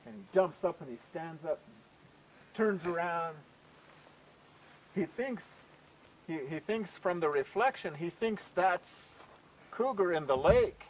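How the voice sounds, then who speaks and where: A man telling a traditional folk tale aloud in a relaxed, conversational way, often saying "you know". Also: sits high, takes it slowly, pauses often, slight background noise, low-quality recording. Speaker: storyteller. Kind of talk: oral folk storytelling.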